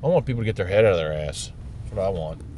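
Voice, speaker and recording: A man with a low voice rambles through a blunt, profane monologue, talking as he drives. His car is on the road, and its rumble comes through clearly under his voice. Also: expressive, rapid-fire, a little mellow. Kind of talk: ranting monologue while driving. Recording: car road noise behind.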